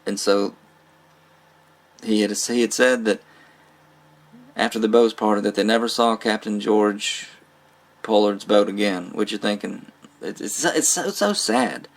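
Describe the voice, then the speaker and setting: A man's voice: fairly low pitch, measured pace, creaky, pauses often. A man giving a casual spoken movie review, rambling with fillers, restarts and small laughs. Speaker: film reviewer.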